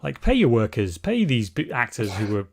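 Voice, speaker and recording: A man co-hosting a podcast in casual, animated chat, swearing and laughing as he talks. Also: mid-range voice, normal speed, creaky. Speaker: podcast co-host.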